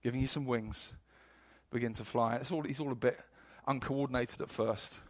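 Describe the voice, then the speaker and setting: A man's voice: mid-range voice, steady tone, moderate pace. A male pastor preaching a sermon in a storytelling manner, building up to emphatic points.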